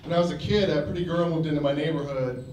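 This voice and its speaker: Dry standup comic, echoey club. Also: male voice, fairly high pitch, fairly even intonation, fast talker, darkish tone, distant mic, slight background noise. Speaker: standup comedian. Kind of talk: standup routine. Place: comedy club stage.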